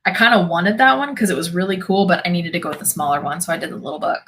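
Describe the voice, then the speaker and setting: A woman's voice: on the low side, lively intonation, rapid-fire, fairly bright tone, slight background noise, rough recording. A woman hosting a live stream, chatting casually as she answers viewers' questions and laughs often. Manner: chatty, laughs often, reacts to chat comments. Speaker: host of a spiritual live stream.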